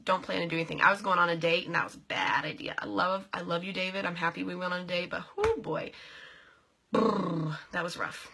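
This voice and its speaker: A woman's voice: fairly low pitch, brisk, gravelly, sharp tone, a little hiss or hum. Bubbly, goofy young woman vlogger. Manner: bubbly and goofy, talks to viewers by name. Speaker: vlogger and direct sales team leader. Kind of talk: casual live video chat.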